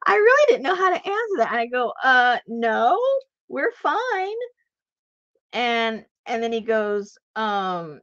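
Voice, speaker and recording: A woman's voice: a little high, unhurried, no room sound, highs cut off. A woman telling a long personal story in casual chat, rambling and laughing as she goes. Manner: rambling, animated, laughs while telling stories. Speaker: crafter and channel host.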